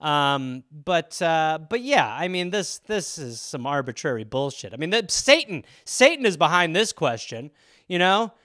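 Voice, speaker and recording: Man, solo comedy podcast host: high, animated voice, rambling and profane. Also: dry recording, studio quality. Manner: rambling, profane, animated storytelling with quick voice impressions. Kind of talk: casual solo comedic riffing.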